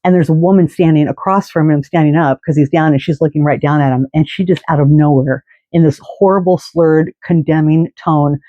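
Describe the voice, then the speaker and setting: A man's voice: on the high side, fairly even intonation, brisk, few pauses, no room sound, dull audio. A man telling a long, rambling story in a casual, chatty way, full of fillers and restarts. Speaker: fan podcast host.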